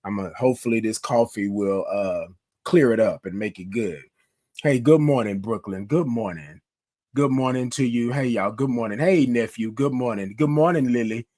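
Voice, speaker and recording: A man in his fifties with a hoarse voice from a cold, hosting a casual morning live stream and greeting viewers by name. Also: mid-range voice, moderate pace, dark tone, no room sound. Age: 50s. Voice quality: rough, scratchy voice. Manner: chatty, greets viewers by name, calls them y'all. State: hoarse, sick with a cough.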